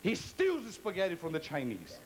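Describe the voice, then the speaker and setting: A man's voice: sits high, huge pitch swings, a little fast, background noise. A man performing a stand-up comedy routine, talking in a theatrical, playful way and teasing the audience.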